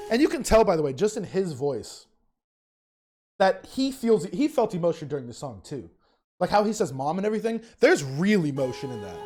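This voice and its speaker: A young man, a teacher, giving casual, emotional fan commentary in a reaction video, often halting and restarting. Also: high-pitched, a little mellow.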